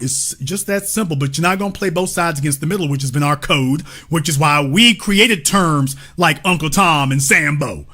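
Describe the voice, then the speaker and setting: A man's voice: fairly high pitch, moderate pace, few pauses, pushed and bright. A man from the United States talking passionately to an audience, emphatic and preacher-like, repeating lines for effect and firing off rhetorical questions. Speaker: commentator in a cultural discussion. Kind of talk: impassioned talk to an audience.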